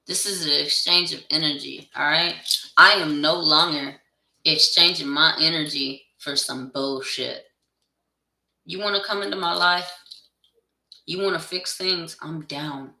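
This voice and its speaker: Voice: mid-range voice, steady tone, unhurried, vocal fry, bright, forceful tone, recorded from a distance. A tarot reader in a blunt, profane, heated casual rant to camera. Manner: heated, insistent. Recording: echoey room, voice away from the mic.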